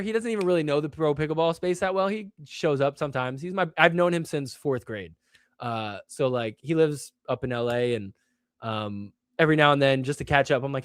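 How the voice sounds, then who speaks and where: A man hosting a show, telling stories in a casual way with lots of "like", animated and poking fun at himself. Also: fairly high pitch, brisk, clear, resonant tone, no room sound, clean studio sound. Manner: animated, self-mocking, heavy use of "like". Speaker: show host. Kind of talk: casual solo storytelling.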